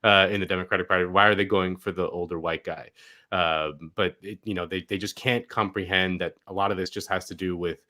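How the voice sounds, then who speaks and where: A man hosting a political talk show speaks in a deep, low register. His delivery is wry and sarcastic, full of quick asides and offhand digs. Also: steady tone, bright, forceful tone. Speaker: host. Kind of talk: political commentary.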